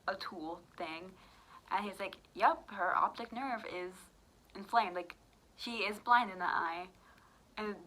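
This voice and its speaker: A woman's voice: mid-range voice, bright, forceful tone, low-quality recording. A young woman vlogger telling a casual storytime, chatty with lots of fillers, acting out what each person said. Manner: chatty, many fillers, acts out quoted dialogue.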